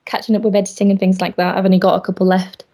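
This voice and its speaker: A woman's voice: mid-range voice, little pitch movement, racing. A woman with a light Yorkshire accent, a guest on a podcast, talking in a modest, friendly way. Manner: modest, friendly, with soft laughs. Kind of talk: casual interview chat.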